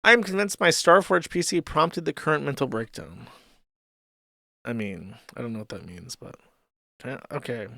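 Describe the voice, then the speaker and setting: A man's voice: medium pitch, normal speed, creaky, pushed and bright, no echo. A man hosting a live stream, reading posts and mocking them in a rambling, swearing commentary. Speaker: streamer host.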